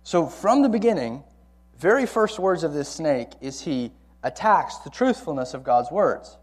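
A man's voice: fairly high pitch, very animated, moderate pace, a little mellow. Conversational man teaching the Bible. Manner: conversational, repeats key words for emphasis. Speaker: college ministry Bible teacher.

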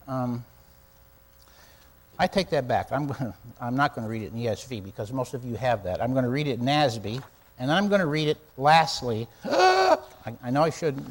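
A man teaching an adult Bible class in a church room, talking conversationally and reading scripture slowly and emphatically. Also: mid-range voice.

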